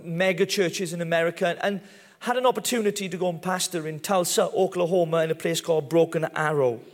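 A man's voice: fairly high pitch, brisk. A Welsh man in his thirties, telling his testimony as a preacher in a chatty, self-deprecating way with touches of humour. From Wales. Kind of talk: sermon testimony. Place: large church hall. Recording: long hall reverb.

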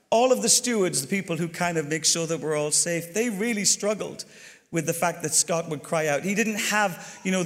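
An Irish man telling a story during his sermon as a pastor, chatty and animated, talking straight to the congregation. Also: on the high side. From Ireland. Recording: long hall reverb.

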